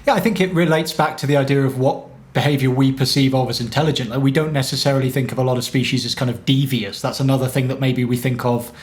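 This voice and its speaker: A man hosting an interview show, speaking eagerly and at an ordinary pitch. He jumps in to share examples with his guest and keeps the conversation moving. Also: steady tone. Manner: enthusiastic, quick to share examples. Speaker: show host.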